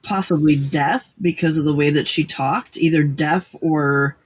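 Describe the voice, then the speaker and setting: A woman's voice: low-pitched, fairly even intonation, unhurried, husky. An older woman hosting a casual late-night crafting livestream, rambling with many fillers and restarts.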